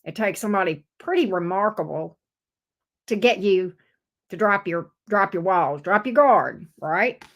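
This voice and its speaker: A woman giving a casual tarot reading to camera, expressive and swearing freely as she acts out the viewer's voice. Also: mid-range voice, measured pace. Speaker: tarot reader.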